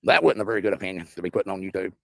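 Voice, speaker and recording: A man makes his case as a guest in an insistent, preachy way. His voice is gravelly and he talks quickly. The sound is dry. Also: sits low, lively intonation, no room sound. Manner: insistent, preachy, repeats points. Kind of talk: impassioned commentary.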